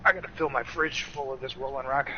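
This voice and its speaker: A man's voice: medium pitch, steady tone, fast, pushed and bright. A man co-hosting a podcast in casual chat, laid-back, swearing and arguing points. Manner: laid-back, argumentative, profane. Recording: dull lo-fi audio, faint noise.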